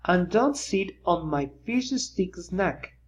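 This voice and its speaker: A reader voicing a curious, kindly young cat boy from a storybook in a lively, slightly raised voice. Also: mid-range voice, slow pace. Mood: urgent.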